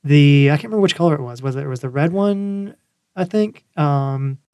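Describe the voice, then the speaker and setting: Relaxed rambling man, dry close mic. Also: on the high side, brisk, clean tone, no room sound. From Georgia, USA. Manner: relaxed, rambling with frequent fillers. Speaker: podcast guest. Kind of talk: casual chat.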